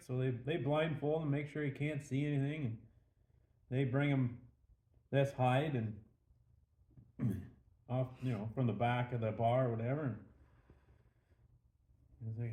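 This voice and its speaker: Mellow-voiced man telling a joke. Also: medium pitch, normal speed. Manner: relaxed, rambling with fillers. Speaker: host of a beer and joke show. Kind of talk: casual beer review and joke telling. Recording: echoey room.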